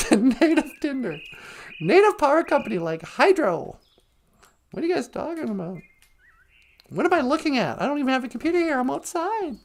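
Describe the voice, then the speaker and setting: A woman's voice: sits high, gravelly, a little mellow. A woman from Minnesota doing a sarcastic, grumbling comedic monologue on a live stream from outdoors, laughing often.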